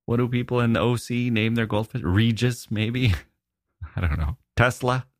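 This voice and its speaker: A man's voice: mid-range voice, normal speed, no echo. A middle-aged man hosting a podcast, telling a comic story with wry, musing dry humor. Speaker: podcast host. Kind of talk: comic monologue.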